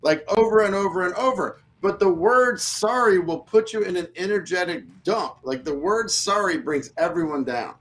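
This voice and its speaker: A man's voice: high voice, normal speed, hardly any pauses, fairly bright tone, a little hiss or hum, rough recording. A man hosting a leadership podcast, talking bluntly and emphatically and swearing freely. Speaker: host.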